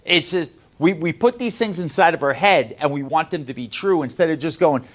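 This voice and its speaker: A man who runs a sales company, lecturing his staff in a blunt, profane motivational talk. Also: fairly quick. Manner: blunt, profane, lecturing, swings between loud and low.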